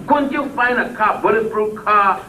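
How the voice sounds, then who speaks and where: An older man giving an impassioned speech to a crowd, blunt and salty. He swings between loud peaks and low murmurs and chuckles as he tells stories. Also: measured pace. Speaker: public speaker. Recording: distant mic with faint background noise.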